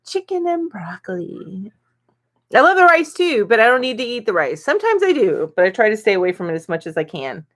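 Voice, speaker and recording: A woman's voice: fairly high pitch, very animated, quick pace, hardly any pauses. Chatty, giggly woman live-stream host. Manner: chatty and giggly, many ums, reads comments aloud. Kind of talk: casual live-stream chat, reading viewer comments.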